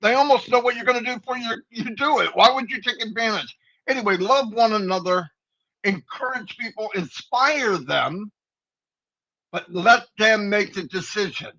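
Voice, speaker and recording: A man's voice: sits high, normal speed, bright, forceful tone. A man co-hosting a live company stream, giving rambling, folksy, preachy advice in a casual pep talk. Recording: dull lo-fi stream audio.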